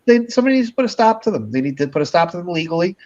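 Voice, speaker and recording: A high-voiced man talks fast and bluntly, and his pitch swings widely as he hammers his points home by repeating words. His audio comes through dull and lo-fi. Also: sing-song, darkish tone. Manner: blunt, emphatic, repeats for stress. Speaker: host. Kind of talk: livestream commentary.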